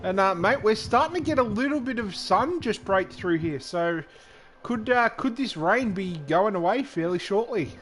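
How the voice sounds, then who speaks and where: A man's voice: high voice, lively intonation, normal speed, a bit bright, slight background noise. Easygoing male race co-commentator. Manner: laid-back, teasing banter. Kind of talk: casual live race commentary.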